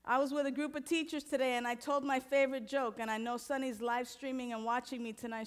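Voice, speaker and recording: A woman minister giving a lively, playful sermon, talking straight to the congregation and moving into a softer guided meditation. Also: sits high, fast, few pauses, clear, resonant tone.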